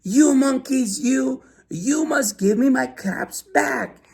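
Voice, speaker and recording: A man's voice: extremely high pitch, takes it slowly, creaky, darkish tone, husky, pitched above the performer's own voice, heavily acted. A man voicing an angry male cap peddler in a storybook read-aloud, raising his voice in a scolding, pleading way.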